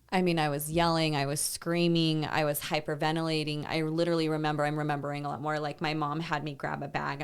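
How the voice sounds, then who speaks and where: Low, gravelly-voiced woman in her thirties. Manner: rambling, heavy use of "like" and "you know"; intense, reliving a painful memory. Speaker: podcast guest. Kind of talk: emotional personal storytelling in conversation.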